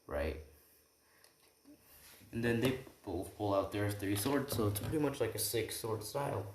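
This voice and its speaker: Man, casual rambling storyteller, very low voice, echoey room. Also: moderate pace, long pauses. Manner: rambling, keeps asking "right?". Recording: roomy room echo, faint noise.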